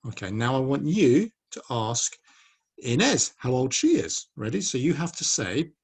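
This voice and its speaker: Husky-voiced man teaching French. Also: medium pitch, very animated, normal speed, a little mellow. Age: 40s. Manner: patient, encouraging, drills pronunciation by repetition. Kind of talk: children's language lesson.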